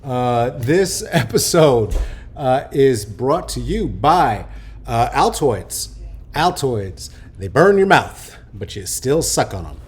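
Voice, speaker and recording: A man in his late forties hosts an unscripted podcast, joking and rambling with plenty of ums and restarts. His medium-pitched voice is sing-song and breathy-edged, and he takes things slowly in this casual talk.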